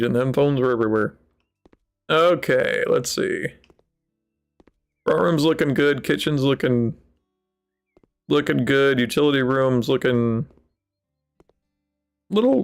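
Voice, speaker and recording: A man giving casual let's-play commentary in a rambling, wry way, with mock-dramatic sulking. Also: medium pitch. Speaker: gaming channel host.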